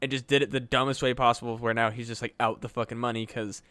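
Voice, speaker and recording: A man co-hosting a podcast, chatting in a halting, casual way. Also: mid-range voice, level tone, pushed and bright, clear, resonant tone, dry recording. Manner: chatty, halting, laughs mid-thought. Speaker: podcast co-host. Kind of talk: casual chat.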